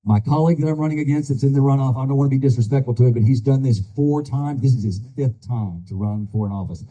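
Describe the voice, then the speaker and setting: A man's voice: medium pitch, quick pace, mellow, low-quality recording. An older man giving a folksy, earnest campaign speech, telling stories to a crowd of supporters. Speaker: political candidate.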